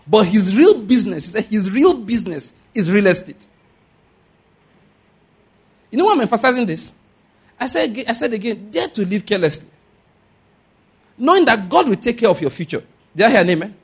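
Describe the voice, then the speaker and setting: A man's voice: sits high, very animated, normal speed, long pauses, husky. A man preaching a sermon as a pastor, emphatic and often asking the congregation for an amen. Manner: emphatic, asks the congregation for amens.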